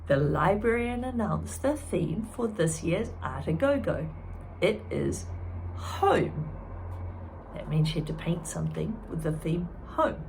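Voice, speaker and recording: Expressive woman reading a storybook aloud. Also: lowish voice, creaky, slight background noise. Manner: expressive, pauses to comment to listeners. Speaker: teacher reading a chapter book aloud.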